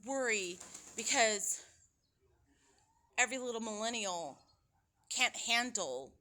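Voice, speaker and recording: A woman's voice: a little high, expressive, takes it slowly, pushed and bright. A woman in her thirties, venting in a casual vlog, rambling and exasperated, acting out both sides of a phone call. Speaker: vlogger.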